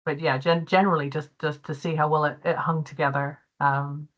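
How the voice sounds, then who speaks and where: A man's voice: fairly high pitch, little pitch movement, a little fast, a bit bright, muffled recording. A man taking part in a casual discussion, speaking hesitantly with many fillers and restarts. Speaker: participant.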